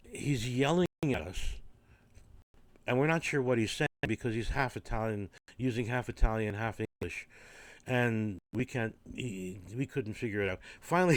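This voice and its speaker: A man's voice: medium pitch, dry recording. An older man, a former orchestra percussionist, tells stories casually in a rambling, digressive way with wry humour. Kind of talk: casual anecdotal storytelling.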